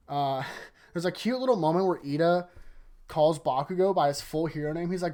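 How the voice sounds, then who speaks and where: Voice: mid-range voice, quick pace. Role: YouTuber. Style: casual manga review. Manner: rambling, heavy use of "like", sentences often trailing off softer. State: tired, recording late at night. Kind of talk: casual video commentary.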